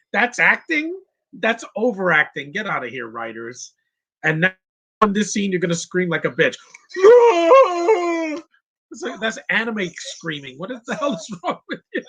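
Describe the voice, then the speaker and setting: A man hosts a casual live commentary over a film, answering viewer questions in a loose, opinionated ramble. His voice is bright and forward with a husky edge. He sits a little higher in pitch than most men. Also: very animated, normal speed. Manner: rambling with frequent restarts and laughs. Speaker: host of a live movie commentary stream.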